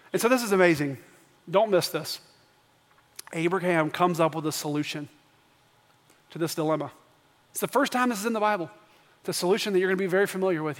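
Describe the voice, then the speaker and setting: A man in his thirties preaching a sermon as pastor, telling family stories in a conversational way and building to emphatic questions. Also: sits high. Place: church sanctuary. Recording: long church reverb.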